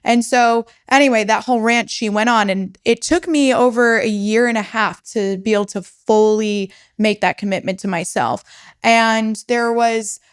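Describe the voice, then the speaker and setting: A woman's voice: a little high, smooth. A young woman telling her personal story as a podcast guest, frank and swearing freely as she relives it. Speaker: podcast guest, startup founder.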